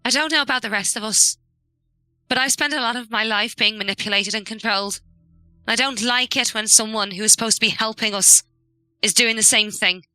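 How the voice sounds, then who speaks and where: A woman's voice: a little high, brisk, pushed and bright, clear, resonant tone, no echo, rough recording. A woman voicing a distrustful young adventurer in a tabletop game, blunt and resentful.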